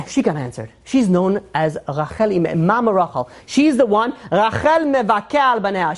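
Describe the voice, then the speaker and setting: A man teaches an informal Torah lesson, telling stories in an animated, emphatic way. He leans into key lines, drops into quiet asides, and often clears his throat. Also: very high-pitched.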